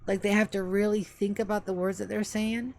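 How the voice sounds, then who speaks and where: Woman running a tabletop game, gravelly voice, describing stuff slow with lots of uhs. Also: medium pitch, level tone, darkish tone. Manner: descriptive, unhurried, with fillers. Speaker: game master.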